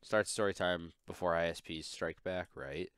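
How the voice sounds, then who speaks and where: A man's voice: sits low, normal speed, a bit bright, smooth, no room sound, studio quality. A man hosting a casual podcast, telling a work story in a profane, exasperated way. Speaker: podcast host. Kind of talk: casual chat.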